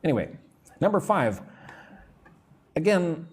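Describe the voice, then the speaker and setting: A man teaching an English lesson on a live stream, reading out viewers' comments, answering them casually, and slowly drilling pronunciation. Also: mid-range voice, sing-song, darkish tone. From United States. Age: adult, not young.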